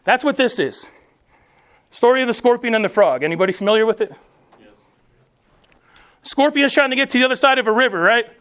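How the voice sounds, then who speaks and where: A man's voice: very high-pitched, lively intonation, fairly quick, pauses often, fairly bright tone. A man around forty, a military veteran, giving an emphatic, preacherly motivational speech to soldiers.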